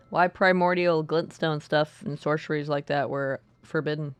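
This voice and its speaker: A woman's voice: low voice, fairly even intonation, normal speed, few pauses, clean tone. A woman streaming a video game, giving casual commentary with sardonic, muttered asides and swearing.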